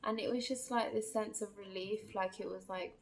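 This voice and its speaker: A woman's voice: medium pitch, steady tone, moderate pace, slight background noise. A woman telling a personal story in a casual, chatty vlog, full of fillers and acted-out quotes. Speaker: vlogger.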